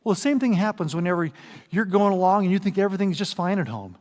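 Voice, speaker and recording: A man preaching a sermon as pastor, animated and acting out quoted voices. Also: high-pitched, quick pace. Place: large church hall. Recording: long hall reverb.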